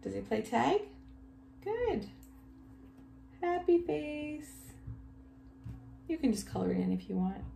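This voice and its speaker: A woman teacher giving a recorded reading lesson to young children, reading each line slowly and praising often. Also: medium pitch, big pitch swings, vocal fry, mellow. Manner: slow, exaggerated reading aloud with cheerful praise. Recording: echoey room, faint background hum.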